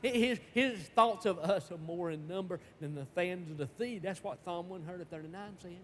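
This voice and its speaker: A high-pitched man preaches a sermon, stumbling over repeated words in plain, folksy speech. He swings from loud bursts to hushed tones. A long reverb trails his voice over a faint background hiss. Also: normal speed. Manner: emphatic, swinging between shouts and hushed tones.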